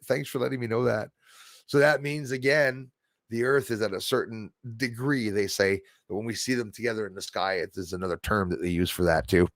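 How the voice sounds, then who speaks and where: A Canadian man hosts a laid-back livestream, reading viewer comments, chatting and thanking people by name. His voice is medium-pitched and gravelly, captured with clean studio sound and no room echo.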